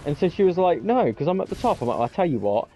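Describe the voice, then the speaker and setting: A man's voice: on the high side, big pitch swings, fast talker, mellow. A young man, casually telling a long story full of swearing and acting out both sides of each conversation. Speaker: gamer streamer.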